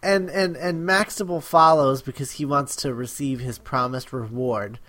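A man's voice: medium pitch, normal speed, fairly bright tone. A man co-hosting a podcast, recapping a story enthusiastically and acting out quotes with laughter. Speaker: podcast co-host. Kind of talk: casual podcast chat.

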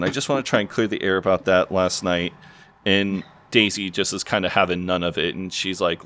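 A man's voice: deep voice, steady tone, fairly quick, a bit bright. A man co-hosting a casual podcast, recapping a TV episode and briefly acting out the characters' lines. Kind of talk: casual chat.

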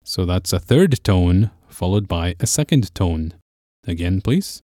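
A man's voice: low voice, lively intonation, a little slow, mellow, no room sound, studio quality. A man teaching a podcast language lesson, explaining patiently step by step.

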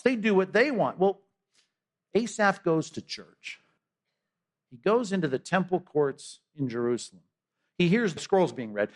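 A man preaching a sermon as pastor, conversational, with frequent rhetorical asides. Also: a little high.

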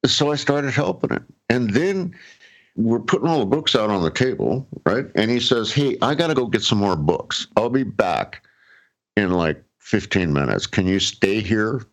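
Speaking at a normal speed with lively intonation, a middle-aged guest with a fairly low voice shares a personal story. He rambles casually, using fillers and restarts, and chuckles frequently.

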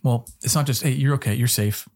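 A man's voice: mid-range voice, a little fast, background noise. A middle-aged man co-hosting a casual faith-based parenting chat, earnest and a little preachy with joking asides. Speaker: podcast co-host.

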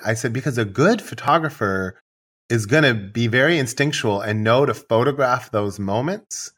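Speaking at an ordinary pace with a medium-pitched voice, a man who photographs weddings meanders through anecdotes in a laid-back podcast conversation. He plays out the lines he says to his couples as he goes.

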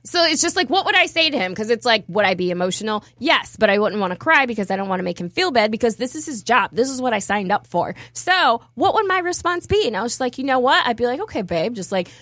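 Chatty woman podcast co-host, higher voice, very expressive, dry studio sound. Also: quick pace, hardly any pauses, no echo. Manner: animated storytelling, frequent laughter and acted-out dialogue. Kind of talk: casual chat.

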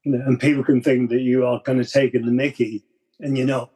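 A man who writes a blog, talking as a podcast guest in a casual conversation, giving reflective, measured explanations. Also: medium pitch, level tone, dark tone, breathy edge.

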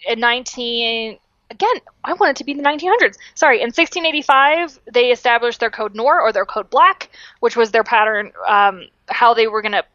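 With a voice on the high side, this young woman co-hosting a podcast chats about history in a lively manner, frequently stumbling into fillers, restarts and self-corrections. The recording has no room sound and its highs are cut off.

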